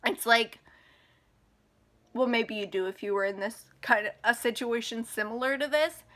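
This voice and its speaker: A woman's voice: fairly high pitch, steady tone, normal speed, a bit bright. A woman in her twenties talking to camera in a personal vlog, upset and angry, ranting and close to tears. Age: 20s. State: emotional, close to crying. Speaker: vlogger.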